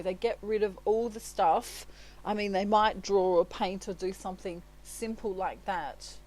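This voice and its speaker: A chatty woman talks through a tarot reading at a middle pitch, like a relaxed one-on-one chat. She sounds reassuring, often breaks into laughter and keeps checking in with little tags. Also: slight background noise, poor audio. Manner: leans on tags like "right?" and "you know". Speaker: tarot reader. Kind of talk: casual spoken tarot reading.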